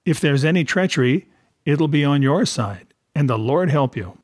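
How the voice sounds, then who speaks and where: A man's voice: a little high, animated, normal speed, a little mellow, no echo. A man reading aloud puts on a stern sea captain who barks short, clipped orders in a voice lifted above his own. The sound is dry and close, with no room around it. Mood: scornful. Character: stern male ship's captain, curt and commanding.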